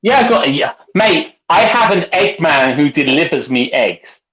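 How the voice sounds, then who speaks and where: A tipsy man co-hosting a casual livestream chat, rambling and loud as he drinks. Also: on the high side, lively intonation, unhurried. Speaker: co-host. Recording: dull lo-fi video call audio.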